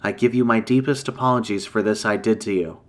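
A man voicing an ancient, grave female dragon in human form, speaking in a measured, formal way in a campfire story. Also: lowish voice, steady tone, natural voice. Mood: sorrowful. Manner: solemn, measured, formal speech.

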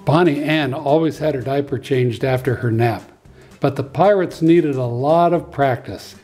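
A man and preschool teacher reading a children's story aloud in an expressive, lively way, with faint music behind. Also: mid-range voice, a little slow.

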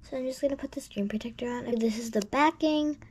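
A woman's voice: sits high, fast talker, a little hiss or hum. A woman vlogging in a casual, chatty way, with lots of "like" and "um" as she shows what she is doing. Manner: chatty, filler-heavy, with lots of "like" and "um". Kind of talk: casual vlog talk.

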